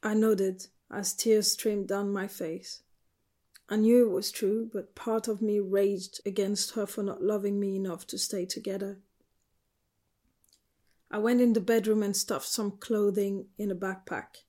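A woman narrating a novel in the first person, quiet, measured and sorrowful. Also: medium pitch, flat delivery. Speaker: audiobook narrator.

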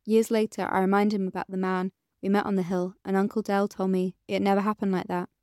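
A woman voicing a tender woman who pleads softly and shares old memories in an audiobook. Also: mid-range voice, level tone, fast, no echo, clean studio sound, close to an everyday voice. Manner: soft and pleading. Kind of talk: audiobook character reading.

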